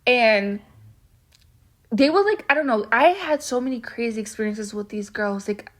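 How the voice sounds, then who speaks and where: A soft-spoken young woman with a bubbly manner, rambling through a casual storytime with lots of fillers. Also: a little high, lively intonation, normal speed. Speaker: vlogger.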